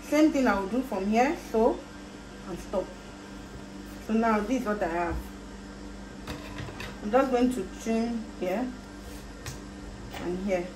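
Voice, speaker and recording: A woman with a Nigerian accent and a mid-range voice teaches sewing slowly, pausing often. In this casual tutorial she takes the project step by step and patiently repeats each instruction while she works. Her recording has a roomy echo and faint background noise.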